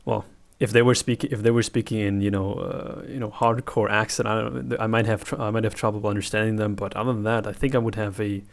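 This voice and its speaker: A man's voice: fairly low pitch, fairly even intonation, fast, creaky, few pauses. A man with a German accent, not a native English speaker, hosting a reaction video and thinking aloud with hesitant restarts. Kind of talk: casual reaction commentary.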